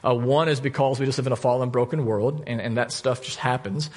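A male pastor preaching a sermon, telling a story with lively asides and jokes. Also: medium pitch, brisk. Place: church.

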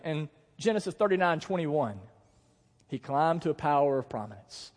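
A male pastor preaching a sermon in an animated storytelling manner, acting out the scenes as he goes. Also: a little high, moderate pace. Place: church sanctuary. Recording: long church reverb.

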